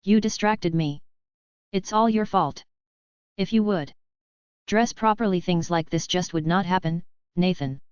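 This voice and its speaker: A playful, headstrong young wife pushing back at her husband, voiced by a woman narrator. Her tone is very clean and sits a bit low, recorded dry and close. The sound is slightly muffled. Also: measured pace, pauses often, smooth, no room sound, natural voice. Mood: defiant. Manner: playful, defiant.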